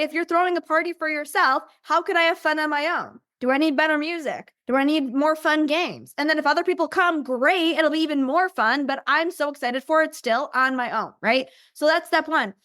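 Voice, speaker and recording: A woman's voice: high voice, fairly bright tone, no room sound, studio quality. A woman business coach giving an upbeat, chatty training and constantly checking in with "right?". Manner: acts out invitees in bubbly voices.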